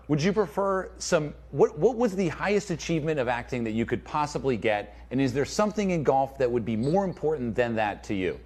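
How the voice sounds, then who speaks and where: A man's voice: medium pitch, animated, brisk, hardly any pauses, a little mellow. A man hosting a casual live-stream interview, asking questions in an upbeat, joking way. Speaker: host.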